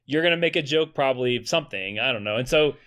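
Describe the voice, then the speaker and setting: A man hosts a relaxed podcast conversation. He hedges and circles as he talks, leaning on "I mean" and "like," and his voice sits at an ordinary middle pitch. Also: quick pace, clean tone. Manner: easygoing, hedging with "I mean" and "like". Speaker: podcast host. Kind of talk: casual chat.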